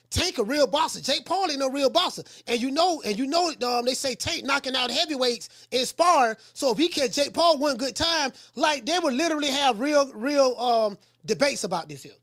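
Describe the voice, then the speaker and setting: A man hosting a call-in boxing talk show, chatting in a relaxed, rambling way that circles back and repeats points. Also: very high-pitched, no echo, studio quality. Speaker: boxing coach and show host.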